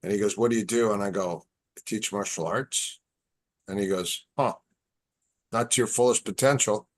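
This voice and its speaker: A man's voice: fairly low pitch, moderate pace. A man in casual podcast chat, telling stories and acting out the dialogue. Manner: relaxed storyteller, acts out quoted dialogue. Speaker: podcast guest.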